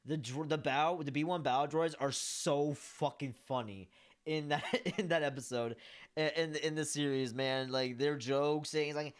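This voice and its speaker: A man's voice: on the high side, fairly even intonation, a little slow, clear, resonant tone. A man talking casually about a show he loves, rambling with many fillers and the odd curse, emotional and earnest. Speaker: fan sharing memories. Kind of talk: casual monologue vlog.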